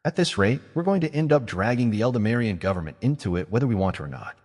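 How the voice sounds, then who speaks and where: A man voicing a calm, scheming male mage who reasons in a measured way. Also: fairly low pitch, in a large hall.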